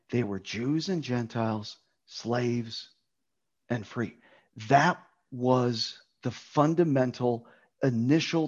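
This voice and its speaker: A man's voice: mid-range voice, a little mellow, slightly rough, lo-fi sound. A man preaching a sermon on a Bible passage, emphatic, repeating key words for stress.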